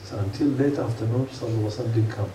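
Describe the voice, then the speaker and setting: A man's voice: lowish voice, rapid-fire. A man giving an earnest sermon, asking rhetorical questions and telling stories to a congregation. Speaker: preacher. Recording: echoey room, mic far off, faint hum.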